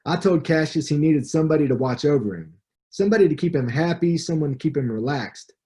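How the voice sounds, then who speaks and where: A man's voice: on the high side, lively intonation, fairly quick, dark tone, pitched above the performer's own voice, close to an everyday voice. A man reading as an advising veteran boxer. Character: veteran boxing champion giving advice.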